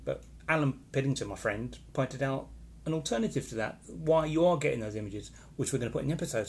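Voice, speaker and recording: A man chats casually on a live stream, weighing in with firm opinions and greeting viewers as their comments roll in. His mid-pitched voice carries a gravelly texture. A faint background hiss sits under the phone-style recording. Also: darkish tone. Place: holiday location in Florida.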